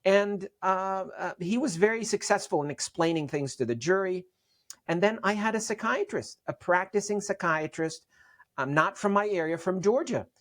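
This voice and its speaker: Interview guest: middle-aged man, earnest, halting repetitions. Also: high-pitched, a bit bright. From Syria. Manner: earnest, repeats and restarts words. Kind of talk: interview storytelling.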